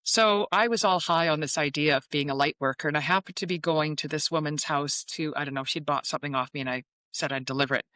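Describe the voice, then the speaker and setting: A woman's voice: low-pitched, quick pace, few pauses, no echo. A woman in her fifties, a psychic medium, telling a personal story as an interview guest and acting out the dialogue. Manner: animated storyteller who acts out quoted dialogue.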